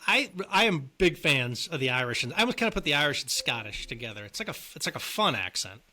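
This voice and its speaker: Male podcast co-host, casual chat, quizzing manner, animated pitch, bright voice. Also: quick pace. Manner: quizzing, leading the questions. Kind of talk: casual movie and sports chat.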